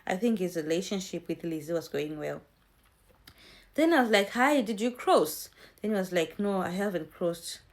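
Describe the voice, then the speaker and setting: A woman's voice: lowish voice, moderate pace. A woman in her twenties, from Zimbabwe, chatting to her viewers in a storytime vlog and acting out what people said. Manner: chatty, addresses viewers as guys, acts out quotes. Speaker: vlogger.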